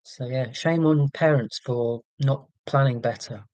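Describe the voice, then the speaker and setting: A man's voice: medium pitch, measured pace, a little mellow, no echo, rough recording. A man with an English received pronunciation accent, hosting a casual livestream and chatting with viewers, with frequent ums. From England. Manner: chatty, reads and answers live chat, many ums. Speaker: livestream host. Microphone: computer mic.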